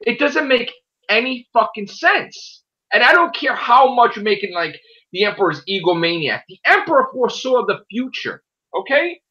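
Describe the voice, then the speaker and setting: A man hosting a casual chat show who rants in an animated way and swears a lot. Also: very high voice, moderate pace, muffled recording. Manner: animated, profane ranting. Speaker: podcast host.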